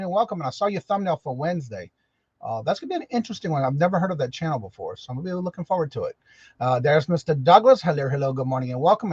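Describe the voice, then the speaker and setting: A man hosts a casual live show. He sounds chatty and folksy, with a high and lively voice. The sound is dry and a bit dull. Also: no room sound. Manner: chatty, folksy, repeats greetings. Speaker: livestream host. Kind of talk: casual livestream chat greeting viewers.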